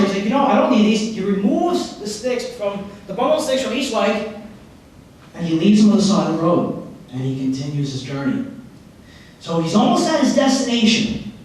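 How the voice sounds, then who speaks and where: A high-pitched man gives a motivational talk and tells a story with lively acted-out characters. He is recorded from far off in a very echoey hall, so his voice sounds distant. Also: a little hiss or hum. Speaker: motivational speaker. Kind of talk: live presentation with storytelling. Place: public library meeting room before an audience.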